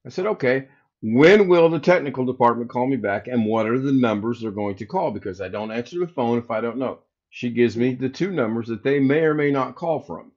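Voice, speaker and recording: A man's voice: mid-range voice, animated, a little fast, darkish tone. A man hosting a casual livestream from home, telling a story and acting out both sides of a phone call. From United States. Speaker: livestream host. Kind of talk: casual storytelling to live chat. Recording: slightly dull lo-fi sound.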